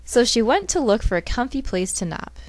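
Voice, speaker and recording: A woman reading a fairy tale aloud and breaking in with math explanations, steady, with livelier story beats. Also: fairly high pitch, fairly quick, dry recording.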